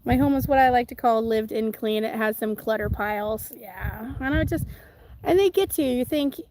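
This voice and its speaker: A woman's voice: a little high, normal speed, darkish tone, a little hiss or hum. A woman hosting a casual livestream from home, chatting and rambling with viewers and reading their comments. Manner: chatty and rambling, with many fillers and self-restarts. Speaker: channel host; mother of twins. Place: at home with chickens nearby.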